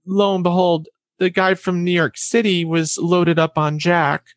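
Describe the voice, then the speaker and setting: A woman guest in a casual interview, telling quick anecdotes with a trained, deliberately raised voice and acting out what others said. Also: lowish voice, level tone, dry recording, studio quality. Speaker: interview guest, former announcer and vocal coach.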